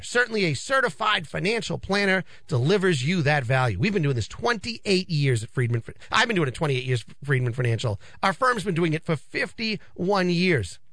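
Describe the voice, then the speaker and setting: Chatty radio host, lively and dry. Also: male voice, on the high side, no room sound. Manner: animated, chatty, repeats phrases for emphasis. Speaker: radio show host, financial advisor. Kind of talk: casual radio talk. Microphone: studio microphone.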